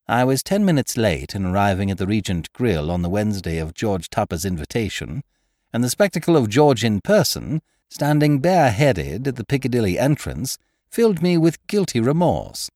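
Animated male storyteller, dry close sound. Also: lowish voice, normal speed, dry recording. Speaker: narrator. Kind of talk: audiobook reading of a classic story.

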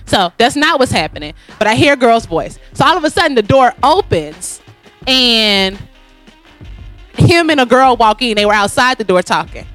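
A woman co-hosting a podcast, telling a profane story with lively acted-out quotes. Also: a little high, moderate pace, faint music behind. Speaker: podcast co-host. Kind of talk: casual storytelling chat.

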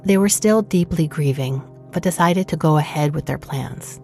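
Low gravelly female narrator. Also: moderate pace, a little mellow, soft background music. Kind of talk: scripted narration.

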